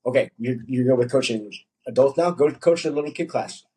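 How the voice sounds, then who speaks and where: A young man, a coach, chatting casually on a podcast, telling animated stories and acting out what people said. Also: medium pitch, fairly quick, breathy edge, poor audio. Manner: animated storytelling, acts out quotes.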